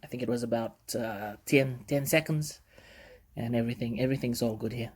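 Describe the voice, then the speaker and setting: A man's voice: medium pitch, brisk, husky. Rambling man telling a story. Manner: rambling, with frequent fillers. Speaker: cruise ship security officer. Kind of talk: casual storytelling monologue.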